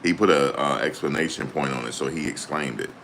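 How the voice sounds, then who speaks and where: Man, extremely low voice, commentary host, reads aloud then reacts, animated, blunt, slang, light background noise. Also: fairly quick, gravelly. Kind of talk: reading court updates aloud and reacting. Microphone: desktop USB microphone.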